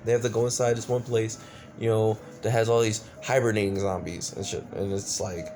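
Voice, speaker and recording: A man's voice: on the low side, level tone, brisk, darkish tone, faint music behind. A man giving a casual, exasperated movie review, swearing often and stumbling over fillers. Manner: exasperated, profane ranting with many fillers.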